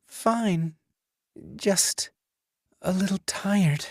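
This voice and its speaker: A man voicing a tired, polite, career-driven young woman who grows drowsy, speaking softly and raised well above his own pitch. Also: lively intonation, slow pace, no echo, clean studio sound. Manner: drowsy, fading, soft replies.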